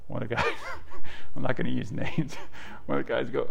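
A man's voice: medium pitch, level tone, moderate pace, gravelly, husky, muffled recording. A middle-aged male pastor giving a sermon in a conversational, storytelling way, tossing in asides to the congregation.

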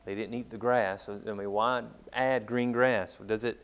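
A man preaching a sermon and reading scripture aloud, growing loud on key words and falling quiet at the ends of phrases, with questions to the congregation. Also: lowish voice, fairly even intonation, measured pace. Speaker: pastor.

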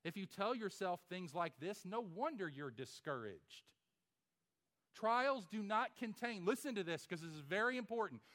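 A man preaching a sermon as pastor, emphatic, with rhetorical questions and swings from loud to hushed. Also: high-pitched, very animated, normal speed, hardly any pauses.

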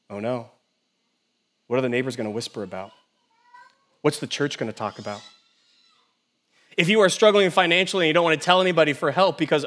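A middle-aged man, a pastor, preaching an animated sermon, swinging between loud and hushed and asking the congregation many rhetorical questions. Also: medium pitch.

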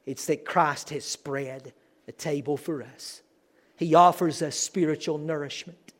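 Earnest male preacher, fairly high voice. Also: flat delivery, unhurried. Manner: earnest, building to emphatic declarations. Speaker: guest preacher. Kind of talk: sermon.

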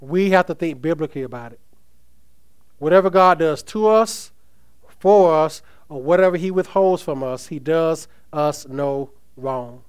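Man, pastor, emphatic sermon delivery, fairly high pitch, smooth resonant voice. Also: a little slow. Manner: emphatic preaching, reads scripture aloud, asks the congregation questions.

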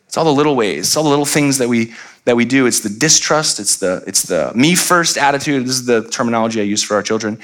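A man's voice: medium pitch, animated, fast talker, a bit bright. A middle-aged man preaching a sermon as pastor, conversational and playful, acting out little quoted voices.

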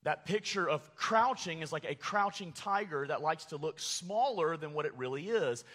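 Pastor guy preaching, kinda high voice, echoey church, gets real animated. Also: normal speed. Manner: animated preaching, acts out angry quotes with sarcasm. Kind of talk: sermon.

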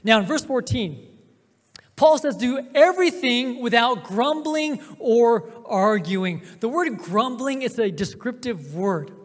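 A man preaching a sermon as pastor, emphatic, with drawn-out pauses and swings between loud and soft. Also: high-pitched. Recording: long hall reverb.

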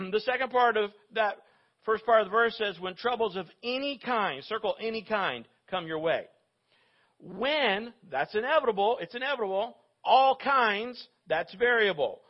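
A man's voice: high-pitched, lively intonation, normal speed. A male pastor preaching a sermon in a conversational way, with joking asides to his congregation. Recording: dull lo-fi recording.

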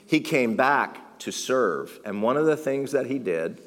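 A middle-aged pastor preaches a sermon in a medium-pitched, animated voice, speaking a little slowly. His style is conversational, emphatic and self-deprecating, and the recording carries the long reverb of a large hall.

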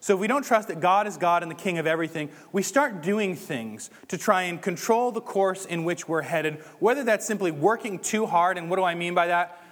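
A man's voice: high-pitched, animated, a little fast, hardly any pauses, a bit bright. A man preaching a sermon in a casual, conversational way, acting out the inner voices of his listeners. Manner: conversational, rhetorical asides, acts out inner voices. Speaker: pastor. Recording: long hall reverb.

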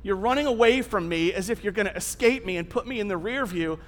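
A man voicing God as a calm, all-knowing presence, speaking in a hushed, unhurried, knowing tone. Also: high-pitched, big-room sound, pitched below the performer's own voice, close to an everyday voice.

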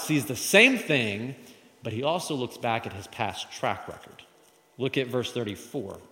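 A man preaching a sermon to a congregation, lively, calling them to repeat lines after him. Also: mid-range voice. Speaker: pastor. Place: church hall with congregation. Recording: long reverb of a large hall.

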